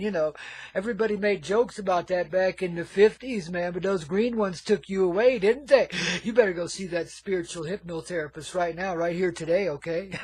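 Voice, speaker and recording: A man hosts a radio show in a loose, rambling hippie patter, chuckling and tossing in "man" between thoughts. His voice sits high and comes out husky. The sound is dry and close. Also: no echo. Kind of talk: rambling comic radio monologue.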